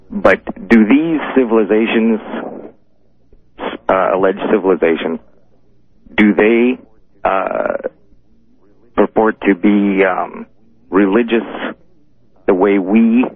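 Nervous, hesitant male radio caller, low voice, phone-line sound. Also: vocal fry. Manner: hesitant, halting. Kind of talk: call-in radio.

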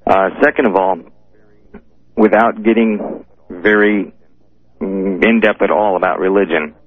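Nervous, hesitant male radio caller, low voice, phone-line sound. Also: fairly even intonation. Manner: hesitant, halting. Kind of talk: call-in radio.

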